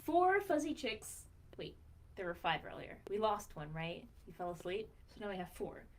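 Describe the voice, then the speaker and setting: A woman librarian reading a picture book aloud to young children in a sing-song way, pausing to ask questions and count slowly. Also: lowish voice, a little hiss or hum.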